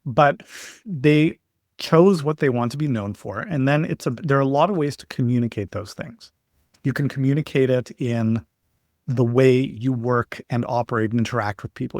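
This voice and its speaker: Guy on a podcast walking thru examples and little stories, mid pitch, dry close sound. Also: darkish tone, no echo. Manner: explains points with stories and examples. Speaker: podcast guest. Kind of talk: explanatory interview talk.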